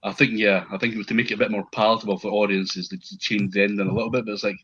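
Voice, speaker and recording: A podcast co-host talks fast in a husky, low voice. His sound comes through dull and lo-fi, as if from a remote line. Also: level tone, a bit bright, no room sound. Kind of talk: casual chat.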